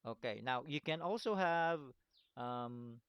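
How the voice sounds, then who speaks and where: A man's voice: medium pitch, animated, takes it slowly, clear, resonant tone, dry recording, lo-fi sound. A man teaching a screen-recorded lesson, walking through steps, often checking in with "okay?" and "right?", with a chuckle at his own slips. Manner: repetitive, stops to check understanding with "okay?" and "right?".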